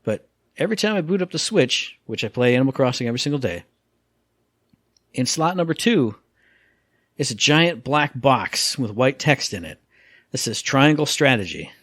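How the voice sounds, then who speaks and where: A man co-hosting a casual gaming podcast, telling stories with lively acted-out quotes and sound effects. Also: mid-range voice, normal speed, pauses often, no echo, studio quality. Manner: animated storyteller, acts out quotes and sound effects. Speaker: podcast co-host.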